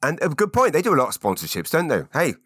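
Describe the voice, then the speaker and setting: A man's voice: fairly high pitch, wildly swooping pitch, quick pace, a bit bright, dry recording, studio quality. A man hosting a solo podcast, jumping between tangents and jokes. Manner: tangential, jokey, many fillers and restarts. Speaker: podcast host.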